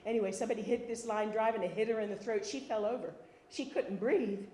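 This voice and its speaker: A woman's voice: fairly high pitch, fast talker, mellow, roomy sound. An older woman telling a wry, funny life story as a one-woman stage monologue. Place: theatre stage.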